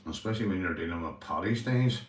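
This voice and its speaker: A man's voice: deep voice, animated, fast, slight background noise. A Northern Irish man in casual vlog chat, rambling and swearing, often saying "you know". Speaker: vlogger, police auditor. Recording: roomy, from a distance.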